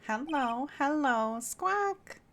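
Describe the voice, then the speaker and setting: A woman's voice: slow, slight background noise. A woman voicing a pet parrot that squawks and repeats short phrases, with game music behind her. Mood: squawking. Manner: shrill squawks, parrot mimicry.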